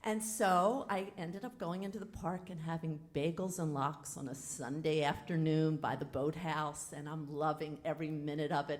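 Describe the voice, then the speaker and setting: A woman with a somewhat low voice tells a personal story live from a theater stage. She is frank and animated, acting out each exchange dramatically. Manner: animated, dramatic retelling with quoted dialogue; casual and frank. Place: theater stage before an audience.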